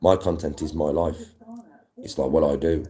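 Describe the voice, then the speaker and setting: A man's voice: extremely low pitch, fairly even intonation, normal speed, mellow. A man, a livestream host, ranting at live viewers in an aggressive, defiant, swearing way.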